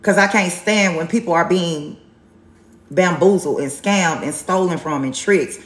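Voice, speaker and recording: A woman's voice: fairly low pitch, measured pace, reverberant. Blunt, sassy tarot reader woman. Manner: blunt, sassy and emphatic, with repetition. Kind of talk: live tarot reading.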